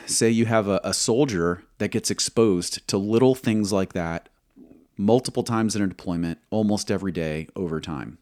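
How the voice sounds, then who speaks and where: A man who served as a military pilot, telling a combat story in an interview, measured and halting, acting out quoted dialogue. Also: on the low side, a little mellow, no echo, clean studio sound.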